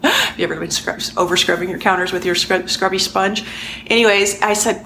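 A middle-aged woman giving a conversational coaching lesson, animated and repeating points for emphasis. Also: mid-range voice, a little fast, a little hiss or hum. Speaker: life coach.

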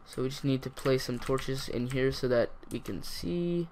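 This is a man in a steady mid-range voice, giving casual commentary over his own video game play. He rambles and talks to himself, now and then bursting into excitement. Faint keyboard clatter sits under his voice. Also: mid-range voice, moderate pace, a little hiss or hum. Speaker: gaming YouTuber.

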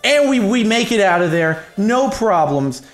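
A man's voice: high-pitched, very animated, a little slow, soft background music. A man giving casual, jokey commentary on his own gameplay, rambling and laughing as he plays. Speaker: gaming video host.

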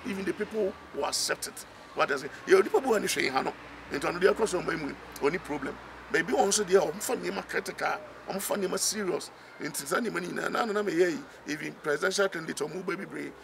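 A Ghanaian man, a reverend and counsellor, giving fast and emphatic commentary that switches between Twi and English. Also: high-pitched, gravelly, fairly bright tone, a little hiss or hum.

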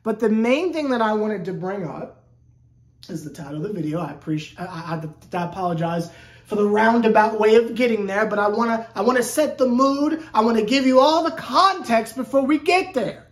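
A woman's voice: on the high side, animated, normal speed. A woman sports YouTuber talking in a casual, rambling vlog rant. She is sarcastic and keeps restarting her sentences. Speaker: sports YouTuber covering a basketball team.

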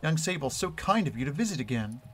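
A man reading the lines of a gentle, motherly creature queen from a video game, in a soft and formal manner. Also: fairly high pitch, sing-song, fast talker, faint music behind. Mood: grateful.

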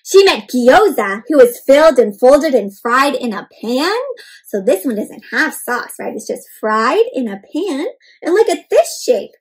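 A woman reading a picture book aloud to children, animated and often asking her young listeners questions. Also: high voice, unhurried, breathy edge. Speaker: children's storyteller. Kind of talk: interactive read-aloud for kids.

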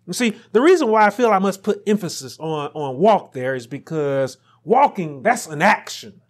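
A man preaching a sermon as pastor, building to emphatic peaks and dropping to quiet asides. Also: sits high, very animated, moderate pace.

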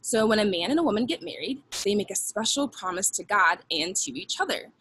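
A woman's voice: medium pitch, big pitch swings, fairly quick, a bit bright, slight background noise, poor audio. A young woman teaching children a Bible lesson in an upbeat way, leading call-and-response with them.

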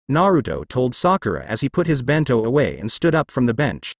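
A man's voice: medium pitch, sing-song, fairly quick, few pauses, no room sound, clean studio sound. A young man reading fan fiction aloud as narrator, telling the story expressively.

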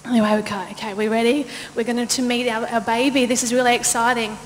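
High-voiced woman pastor, reverberant hall. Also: quick pace. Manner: lively, laughing, acts out quoted voices. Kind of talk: storytelling sermon. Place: church auditorium. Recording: long church-hall reverb, faint noise.

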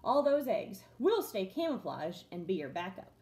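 A woman's voice: mid-range voice, big pitch swings, normal speed, darkish tone, voice pushed down. A woman doing a bossy scheming cow. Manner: commanding, plotting. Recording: roomy echo.

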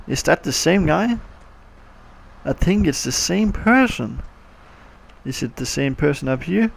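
A man with a Danish accent giving casual gameplay commentary, excitable and quick to yell at the traffic in the game. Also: fairly high pitch, creaky, husky. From Denmark. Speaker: gaming channel host.

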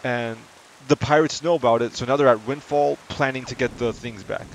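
A chatty streamer at home, reading game dialogue aloud between casual, self-deprecating asides. His voice sits at an ordinary middle pitch, with soft rain sounds from the game patter behind him. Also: fairly even intonation, a little fast, a little hiss or hum.

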